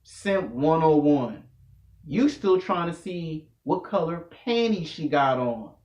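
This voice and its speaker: A man delivering a loud, profane comedic rant to camera, telling slangy stories as a vlogger. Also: fairly high pitch, takes it slowly. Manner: loud, animated, slangy storytelling. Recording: echoey room, dull lo-fi audio.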